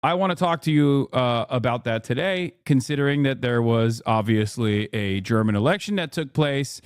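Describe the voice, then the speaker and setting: A man hosting a livestream, talking casually and haltingly with lots of fillers. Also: medium pitch, expressive, clean tone, dry recording, studio quality. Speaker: streamer host.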